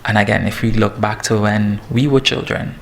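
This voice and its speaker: A man in his thirties, a fitness trainer giving a lively, joking talk to parents. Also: on the low side, normal speed, gravelly. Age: 30s. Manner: lively and joking, laughs at himself. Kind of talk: presentation to parents.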